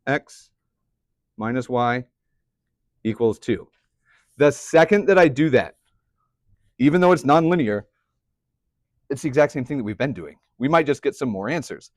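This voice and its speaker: A man's voice: mid-range voice, expressive, moderate pace, pauses often, dry recording, studio quality. Chatty man teaching a math class. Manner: chatty, asks the class questions. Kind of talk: classroom lecture.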